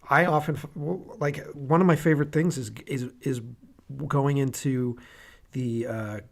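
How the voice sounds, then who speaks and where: A man, a director hosting a podcast, chatting casually with relaxed, profane, halting storytelling. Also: medium pitch.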